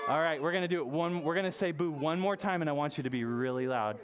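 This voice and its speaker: A library storytime leader reading a picture book aloud to toddlers, playful and animated, with gasps and silly sounds. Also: mid-range voice, fast, few pauses, background noise. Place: public library storytime session.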